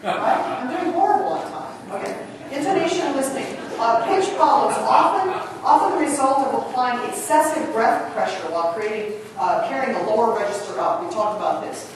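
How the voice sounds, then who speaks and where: A woman teaches choir technique from a stage in a big, echoing hall, her voice landing from a distance with a long reverb tail. She talks in a lively, chatty way, with the murmur of an audience in the background. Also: on the high side, fairly quick, noisy background. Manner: lively, chatty, acts out whispered demonstrations. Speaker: choral conductor giving a workshop. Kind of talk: conference lecture with demonstrations. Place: large conference hall.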